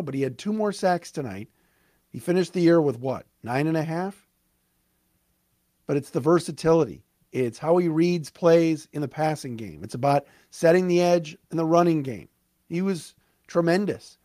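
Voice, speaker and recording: A man hosting a solo sports talk podcast, recapping a game with emphatic, fan-like commentary and quick asides. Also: fairly high pitch, darkish tone, no echo, clean studio sound.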